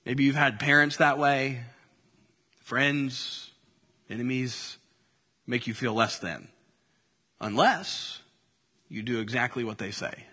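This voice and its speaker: A man's voice: medium pitch, slow pace, long pauses, sharp tone, in a large hall. A man preaching a sermon in an easy conversational way, full of fillers and restarts. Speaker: pastor.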